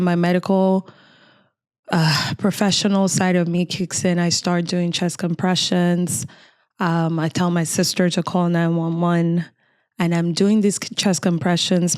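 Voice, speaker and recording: A woman's voice: on the low side, level tone, a little slow, a little mellow, smooth, dry recording, clean studio sound. A middle-aged woman from Cameroon, a podcast guest earnestly recounting a frightening personal memory in conversation.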